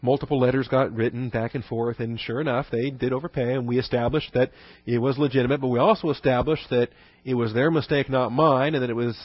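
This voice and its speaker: A man's voice: medium pitch, dry recording, dull audio. A man preaching a sermon in a conversational teaching manner, with asides and emphatic stresses on key words. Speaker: pastor.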